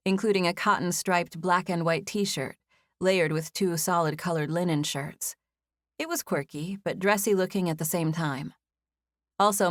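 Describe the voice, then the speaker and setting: Low-voiced woman narrating an audiobook. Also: dry recording, studio quality. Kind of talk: scripted first-person audiobook narration.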